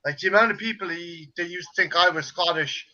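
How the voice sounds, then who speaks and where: A man's voice: high voice, fast talker, pushed and bright. An Irish man in casual, profane, joking chat while watching a movie with friends. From Ireland. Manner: profane, jokey, puts on mocking voices. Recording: dull lo-fi sound.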